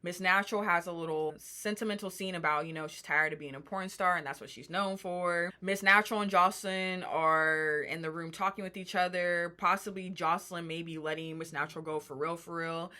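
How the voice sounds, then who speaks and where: A woman's voice: fairly low pitch, fairly even intonation, fairly quick, few pauses, pushed and bright. A woman vlogger casually recapping a TV episode, chatty and slangy, full of "like" fillers.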